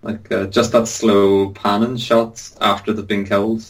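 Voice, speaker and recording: A man's voice: on the low side, little pitch movement, measured pace, husky. A man in a casual film podcast chat, speaking hesitantly and full of fillers. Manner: hesitant, many fillers like 'like' and 'uh'. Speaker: podcast co-host.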